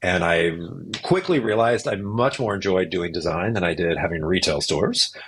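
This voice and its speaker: A man's voice: low-pitched, normal speed, a little hiss or hum. A middle-aged man, a podcast guest, telling his career story in casual conversation and acting out what others said to him. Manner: animated storyteller who acts out what others said.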